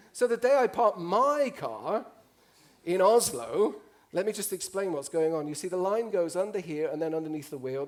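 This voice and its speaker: A man tells funny stories from a stage with lively, joking energy. He slips into other people's voices as he goes, and his voice sits a little higher than most men's. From Italy. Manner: animated, joking, acts out voices. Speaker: conference speaker. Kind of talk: humorous storytelling talk. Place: stage before a live audience.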